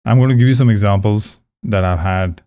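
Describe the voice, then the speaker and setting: A man coaching on communication skills, talking calmly to the camera in a relaxed, conversational way with frequent restarts. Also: fairly low pitch, fairly quick, smooth, no room sound, clean studio sound. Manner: calm, conversational, many restarts. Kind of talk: casual talk to camera. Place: indoors, close to camera. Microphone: camera about two arm lengths away.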